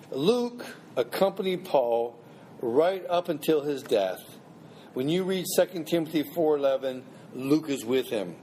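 A man's voice: mid-range voice, darkish tone, a little hiss or hum. A man teaching a Bible class in a conversational way, asking the class questions and repeating points for emphasis.

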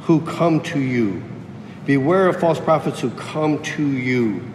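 A man's voice: animated, takes it slowly, a little mellow. A man preaching a sermon emphatically, repeating key phrases for effect. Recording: echoey hall with faint rumble.

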